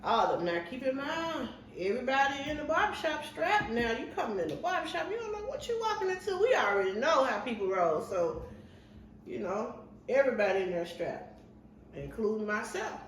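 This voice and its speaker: A woman's voice: high-pitched, moderate pace, a little hiss or hum. A woman in her fifties, a vlogger and barber, telling a story in a chatty, colloquial way while cooking in her kitchen. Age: 50s. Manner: chatty, colloquial, animated retelling. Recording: roomy sound from a far mic.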